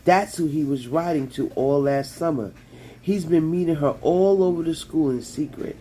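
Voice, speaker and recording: Man doing giggly young girl, gossipy, mellow low tone, faint hiss. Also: moderate pace, close to an everyday voice.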